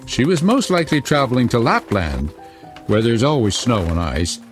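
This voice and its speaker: A man voicing cooing wood pigeons in a slow, sing-song way. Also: mid-range voice, big pitch swings, faint music behind, lightly acted.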